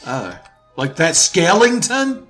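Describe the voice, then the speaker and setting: A man's voice: fairly high pitch, takes it slowly, soft background music. A man riffing sarcastically while watching a friend play a video game, trading jokes and commentary. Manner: riffing, sarcastic, lively with sudden jokey voices. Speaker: co-host commentating a let's play. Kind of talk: joking gameplay banter.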